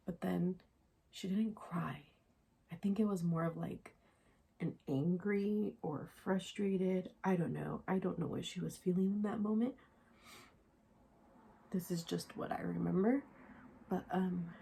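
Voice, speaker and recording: A woman's voice: lowish voice, creaky, noisy background. A young woman vlogger telling a personal story casually, rambling and candid with many fillers, sometimes dropping into a whisper. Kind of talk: casual storytime while getting ready.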